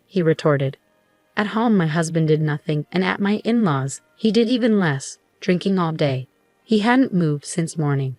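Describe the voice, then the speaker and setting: Woman narrator, steady storytelling, lowish voice, dry, soft music underneath. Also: moderate pace, dry recording. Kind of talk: scripted first-person storytelling.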